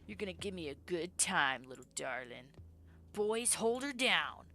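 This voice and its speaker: A woman's voice: lowish voice, very animated, a little slow, vocal fry, bright, forceful tone, faint music behind, exaggerated voice. A woman voicing a menacing male thug in a game, with a sneering, threatening delivery.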